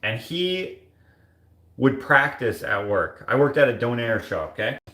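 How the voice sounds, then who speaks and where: A man's voice: very animated, unhurried, pushed and bright, roomy sound. A man hosting a live stream, chatting casually and reading out viewer comments with jokey asides. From Canada. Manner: rambling, jokey, mock-sings in a high voice. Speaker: livestream host.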